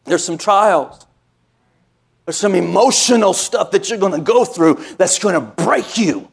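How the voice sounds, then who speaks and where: Male pastor, higher-pitched voice, preaching with call-and-response asides. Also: expressive, measured pace, gravelly, husky. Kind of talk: sermon.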